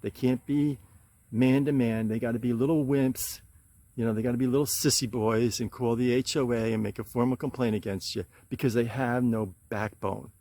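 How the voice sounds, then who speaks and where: A man's voice: mid-range voice, fairly even intonation, normal speed, mellow. A middle-aged man hosting his own casual outdoor vlog, rambling and frustrated, apologizing between rants. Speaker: channel host. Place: outdoors by his garden hedges.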